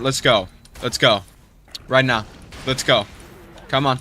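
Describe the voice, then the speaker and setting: A man's voice: mid-range voice, slow pace, bright, forceful tone, a little hiss or hum. A young man doing let's play commentary with theatrical, mock-threatening trash talk at the game. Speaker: gamer.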